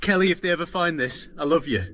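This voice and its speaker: An AI-generated voice playing a young man with a North Yorkshire accent, frantic and shouting in fear as he is trapped in dark passages. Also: fairly high pitch, fast. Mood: hushed, resigned. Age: young adult. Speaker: film character. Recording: film audio with clear ambient noise.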